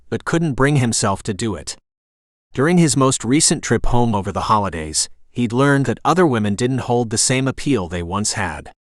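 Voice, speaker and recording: A man narrating an audiobook with steady, even storytelling. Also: medium pitch, no echo, studio quality. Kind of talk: scripted narration.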